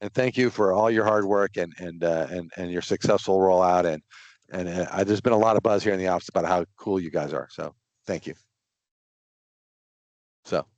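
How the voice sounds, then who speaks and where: A middle-aged man leading a casual online training session, talking through number examples in a relaxed way over a video call. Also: low voice, moderate pace, pauses often, no room sound, lo-fi sound. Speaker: software trainer.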